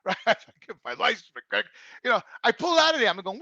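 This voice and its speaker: A man's voice: high-pitched, big pitch swings, fast talker, creaky, sharp tone, dry recording, dull audio. A man co-hosting a podcast who tells stories in casual chat, swearing constantly and acting out the people he quotes. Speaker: co-host. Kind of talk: casual storytelling.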